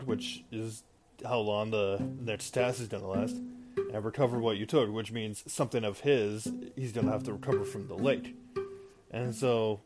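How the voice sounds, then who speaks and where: A man casually recapping a film for a video, rambling with many fillers and asides. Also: mid-range voice. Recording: guitar music playing behind.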